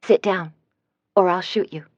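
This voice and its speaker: A woman's voice: fairly low pitch, fairly even intonation, a little slow, dry recording. A woman voicing a cold, threatening female villain in an audiobook, speaking curtly, in a dry, slightly dull recording. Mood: menacing. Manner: curt, menacing.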